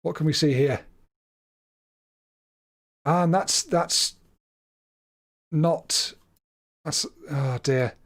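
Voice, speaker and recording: A man's voice: on the high side, extremely slow, long pauses. A man hosting a live stream, commentating a game as he thinks aloud in a chatty, hesitant way that often stumbles over his words. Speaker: livestream host.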